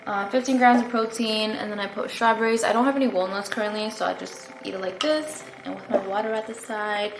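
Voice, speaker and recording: A woman's voice: mid-range voice, steady tone, a little fast, gravelly, hardly any pauses, noisy background. A young woman vlogger telling a story-time update in a casual, rambling way, full of fillers and "like", from her apartment. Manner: chatty, rambling, lots of fillers and "like". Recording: echoey room, faint ambience.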